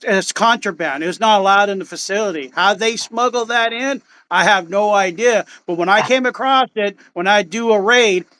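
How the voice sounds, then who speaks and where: A man in his fifties with a fairly high voice, a guest in casual conversation. He tells rambling, animated stories, piling clause on clause. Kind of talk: casual chat.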